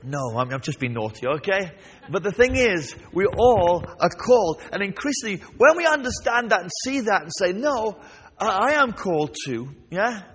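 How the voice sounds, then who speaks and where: A man preaching a sermon, lively, often asking the congregation questions. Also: high-pitched, normal speed, husky. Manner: animated, asks the congregation questions. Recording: long reverb of a large hall.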